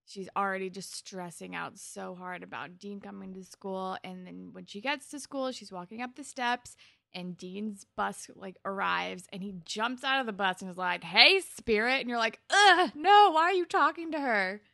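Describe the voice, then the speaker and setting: A woman with a bright, gravelly voice retells TV scenes on a casual podcast. She quotes the characters with sudden emphasis, and the sound is dry and close to the mic. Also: medium pitch, normal speed, no echo. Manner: narrates scenes, quoting characters with bursts of emphasis. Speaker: podcast co-host. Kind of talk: casual chat recapping a TV episode.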